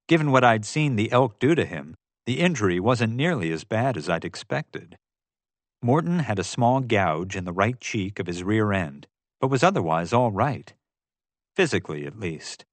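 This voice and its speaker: Guy reading a story, lively ups and downs, dry close mic. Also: lowish voice, no room sound. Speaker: audiobook narrator. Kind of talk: scripted narration.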